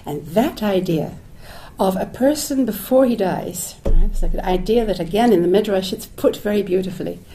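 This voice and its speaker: A woman's voice: mid-range voice, normal speed, warm tone, slight background noise. A woman giving a reflective public lecture, thinking aloud with restarts and asides, dropping Hebrew phrases into her talk. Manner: thoughtful, searching, with restarts and asides. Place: lecture hall.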